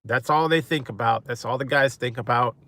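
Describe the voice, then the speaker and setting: Rambling mukbang host, male, casual chat with viewers, bright tone, dry close sound. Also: medium pitch, a little fast, no echo. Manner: rambling, chuckling often.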